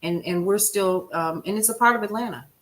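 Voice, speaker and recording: Female stream host, bright tone, casual, talks straight to the chat. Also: medium pitch, brisk. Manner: emphatic, conversational, addresses viewers as "y'all". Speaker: livestream news show host. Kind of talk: casual livestream chat, answering viewer comments.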